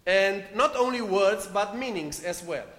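Man, Romanian accent, high voice, sermon storytelling, deliberate phrasing, roomy hall echo. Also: animated, a bit bright. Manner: deliberate, phrase-by-phrase delivery with non-native phrasing. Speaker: preacher leading a meditation. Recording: echoey hall with long reverb.

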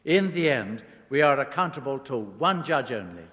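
A man's voice: mid-range voice, sing-song, normal speed, pushed and bright. A man preaching a sermon, leaning on words with rising and falling emphasis. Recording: long reverb of a large hall.

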